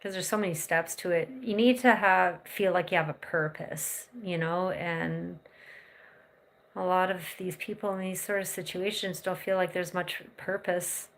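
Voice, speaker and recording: A woman's voice: on the low side, fairly even intonation, normal speed. A woman chatting casually on a live stream from a phone, rambling loosely with lots of "like" and "you know". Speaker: livestream host. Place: outdoors in snowy cold with a pet goose.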